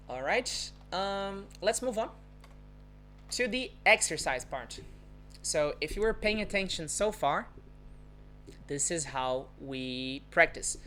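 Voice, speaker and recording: A woman's voice: low-pitched, a bit bright, a little hiss or hum. A woman with a Brazilian Portuguese accent, teaching a live-streamed language lesson, patiently explaining and repeating example words. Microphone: phone or webcam on a live stream.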